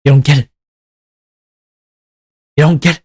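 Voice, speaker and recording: Young canadian guy streaming, ranting all worked up, swears a lot, voice a bit on the high side. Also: a little slow, slightly rough. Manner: animated, exasperated ranting with swearing and laughter. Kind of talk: casual livestream rant.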